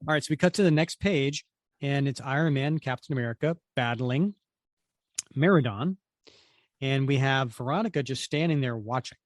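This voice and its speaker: A man's voice: mid-range voice, normal speed, no echo, clean studio sound. A man co-hosting a podcast, chatting casually about comics and reading panels aloud. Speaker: podcast co-host. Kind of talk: casual comic book discussion.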